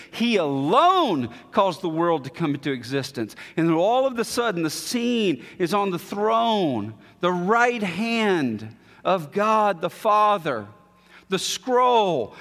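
A high-pitched man preaches slowly and deliberately, lingering on each phrase of his sermon. He hammers points home through repetition, then sinks to a quiet, grave hush. His voice rings out with the long reverb of a large church hall. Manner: emphatic, builds with repetition then drops low and hushed. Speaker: pastor. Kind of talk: expository sermon.

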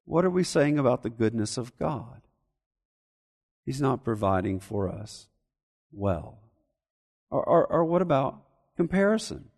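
A man preaching a sermon as pastor, animated and acting out whiny complaints. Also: mid-range voice, measured pace, creaky, pauses often, long reverb tail. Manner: animated, acts out whining voices.

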